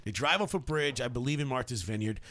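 A man co-hosting a comedy podcast, brash and excitable with crude jokes. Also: mid-range voice, fast, no echo. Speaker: podcast co-host. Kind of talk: casual comedic chat.

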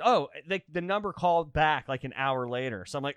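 Male podcast host, lively storyteller, fairly high, smooth voice. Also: brisk, hardly any pauses, dry recording, clean studio sound. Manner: animated storyteller, swears freely. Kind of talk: casual podcast chat.

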